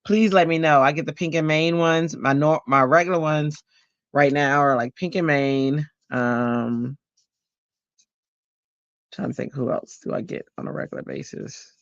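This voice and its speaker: A man's voice: on the high side, fairly even intonation, measured pace, fairly bright tone, no echo, muffled recording. A man, chatting casually and rambling with lots of fillers while he makes cards on a livestream at home. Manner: chatty, rambling, greets viewers, many fillers. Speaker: card-making livestream host.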